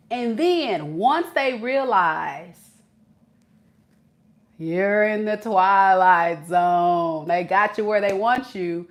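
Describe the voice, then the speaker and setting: A woman's voice: lowish voice, measured pace, long pauses. A woman tarot reader giving a casual, chatty reading to her viewers, acting out quoted voices and laughing at herself. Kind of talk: casual spiritual reading to camera.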